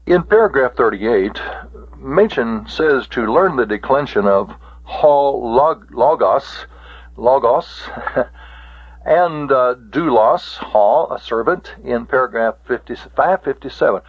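A man teaching a Greek grammar lesson on tape, slow and deliberate, stopping to spell out word forms. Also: medium pitch, animated, husky, dry recording. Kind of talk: recorded taped lecture. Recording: tinny lo-fi tape.

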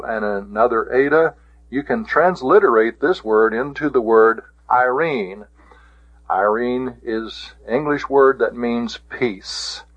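A man teaching a recorded vocabulary lesson, pronouncing each word slowly and repeating it, sometimes correcting himself or hesitating. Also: mid-range voice, slightly rough, dry recording. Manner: slow, careful pronunciation drills, repeating each word; occasional self-corrections and hesitations. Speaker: Greek teacher. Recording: dull, dry lo-fi recording.

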